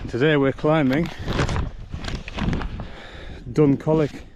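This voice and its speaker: A man's voice: fairly high pitch, level tone, slow pace, dull audio. A man walking and chatting casually as a hiking vlogger, a little short of breath, describing the route as he goes. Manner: chatty, self-deprecating, describes route as he walks. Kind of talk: casual vlog narration while walking. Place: outdoors on a rural hillside. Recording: noisy outdoor camera audio. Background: outdoor noise, wind and animals.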